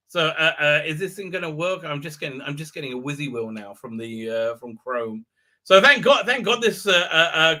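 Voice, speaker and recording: A man's voice: on the high side, bright, forceful tone. A man hosting a live stream, chatting casually in a rambling, sardonic way full of filler sounds. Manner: rambling, many filler ums and uhs, sardonic. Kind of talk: casual live review chat.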